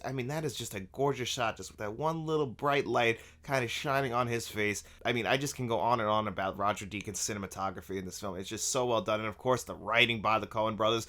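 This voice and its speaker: A man's voice: lowish voice, quick pace, hardly any pauses, sharp tone. A man from New York giving an enthusiastic, conversational review of a film.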